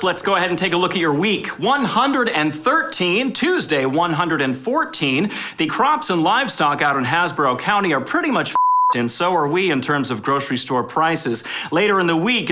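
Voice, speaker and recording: An actor playing a crude, foul-mouthed TV weatherman with a chipper broadcast delivery. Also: high-pitched. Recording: hissy TV broadcast audio.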